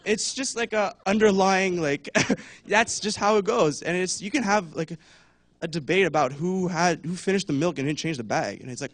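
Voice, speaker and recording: A man's voice: sits high, moderate pace, a bit bright, no echo. A young man giving a casual talk at church, chatty, with many fillers, and acting out voices now and then. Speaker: church speaker.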